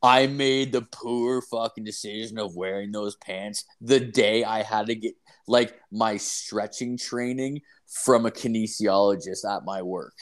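A man's voice: fairly low pitch, steady tone, measured pace. A young man casually telling a rambling, profanity-filled story about a mishap at work. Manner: profane, rambling, acts out voices in anecdotes.

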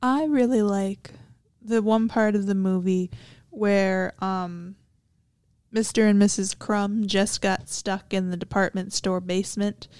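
Casting note: woman, smooth clear voice, dry close sound, animated recapping of scenes. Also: medium pitch, measured pace, dry recording. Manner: animated retelling of scenes, quoting characters. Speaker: movie discussion panelist. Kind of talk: casual movie discussion.

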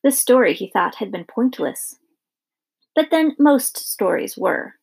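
A woman narrating an audiobook chapter in an even, steady storytelling voice. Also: on the high side, a little slow, vocal fry, slightly rough. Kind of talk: scripted narration.

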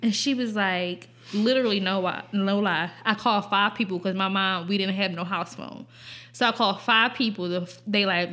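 A woman's voice: medium pitch, steady tone, normal speed, pushed and bright. A young woman hosting a podcast, telling a personal story in casual chat, blunt and profane and often laughing. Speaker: podcast host.

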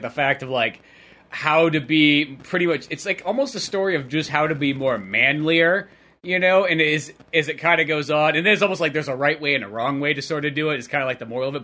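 A man's voice: fairly high pitch, bright, forceful tone. A man co-hosting a podcast, chatting casually in a rambling way, full of filler words. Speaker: podcast co-host.

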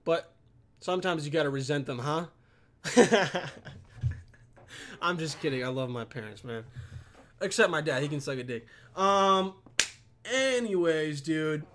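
With a slightly high, fairly bright voice, a young man vents to the camera sitting on his computer. The vlogger's rant rambles and is peppered with constant swearing.

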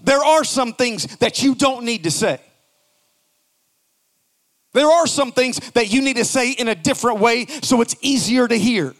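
A pastor with a notably high voice preaches in an animated, unhurried sermon, building to loud, shouted emphasis before dropping to quiet, low asides. He acts out quoted lines in mocking little voices.

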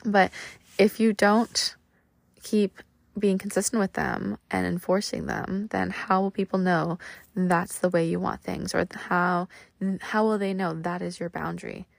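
A woman's voice: lowish voice, flat delivery, measured pace, gravelly, no room sound. A young woman hosting a casual self-help podcast, chatty with lots of fillers, acting out little quoted lines. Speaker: podcast host.

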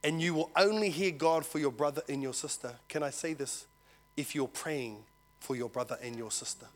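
This is a man preaching to his congregation at a normal speed, his voice a little high. He brings a story to life by acting out its dialogue and stops to ask, "Amen?"

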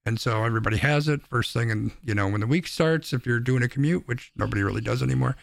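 A man's voice: medium pitch, quick pace, creaky, no room sound, studio quality. A man co-hosting a casual podcast, telling a joke in a rambling way with restarts. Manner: rambling, restarts, laughs at own jokes. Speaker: podcast co-host.

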